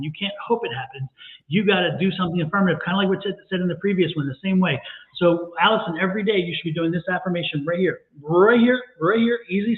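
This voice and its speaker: A fairly high-voiced man gives tarot readings on a live stream, coaxing and exclaiming as he repeats his points. His voice comes through a thin, phone-like line from an echoey room. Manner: energetic, exclamatory, coaxing and repetitive. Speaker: tarot reader and co-host.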